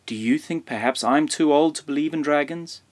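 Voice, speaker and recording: An eager little boy from a storybook, full of questions and bursting with excitement, as a man puts him on. His voice sits noticeably higher and brighter than an ordinary man's, and he tumbles into breathless questions. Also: normal speed, close to an everyday voice. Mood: curious. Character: eager curious young boy.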